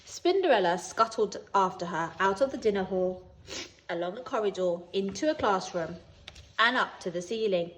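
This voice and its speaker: A woman with a British accent reading a children's picture book aloud as a teacher, expressive and lively. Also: mid-range voice, normal speed, a little hiss or hum. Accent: British English. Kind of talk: children's story read-aloud.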